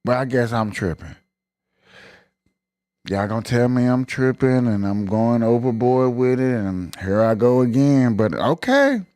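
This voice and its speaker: A man holds forth on his live stream in a casual, slangy rant, stressing his points hard. His voice sits at an ordinary pitch, and the recording is dry and close with no room sound. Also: lively intonation, a little slow, a little mellow, no echo. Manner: emphatic, colloquial, ranting.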